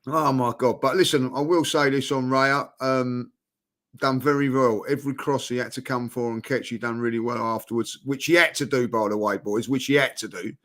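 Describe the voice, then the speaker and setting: A man's voice: medium pitch, fairly even intonation, moderate pace, fairly bright tone. A man, tired out, chatting bluntly and animatedly about football as co-host. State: exhausted. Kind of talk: casual football chat.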